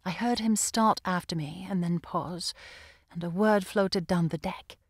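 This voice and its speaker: A woman narrating an audiobook in the first person, with a measured, unhurried reading. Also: on the low side, husky, dry recording, clean studio sound.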